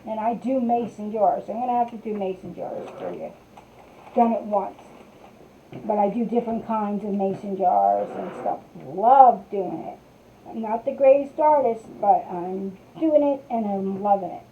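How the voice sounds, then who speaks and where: A woman's voice: medium pitch, animated, a little slow, slight background noise. A woman hosting a live craft stream, rambling chattily and greeting viewers by name from their comments as she works. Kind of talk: casual live-stream chat. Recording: tinny phone-like sound.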